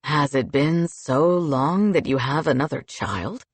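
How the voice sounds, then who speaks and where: A woman reading an audiobook, voicing a relaxed, easygoing male otherworldly flag keeper in a lowered voice. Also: measured pace, husky, dry recording, full character voice.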